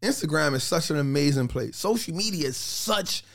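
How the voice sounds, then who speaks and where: A man in a casual podcast chat, telling stories in an animated, slangy way and repeating phrases for emphasis. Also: a little high, moderate pace, vocal fry.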